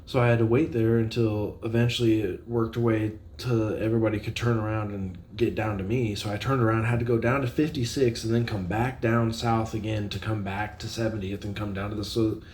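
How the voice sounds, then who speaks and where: A man's voice: fairly low pitch, little pitch movement, a little fast, few pauses, darkish tone, slight background noise. A man co-hosting a casual podcast, telling a story in a laid-back, rambling way with lots of swearing and filler words. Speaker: podcast co-host. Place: informal home podcast setup.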